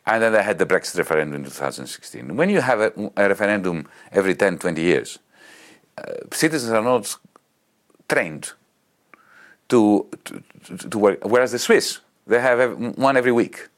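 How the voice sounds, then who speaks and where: Greek guy with a really low voice, guest in an interview, makes his point hard, repeats words as he thinks. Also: expressive, moderate pace. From Greece. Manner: emphatic, repeats words while searching for them. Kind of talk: conversational argument.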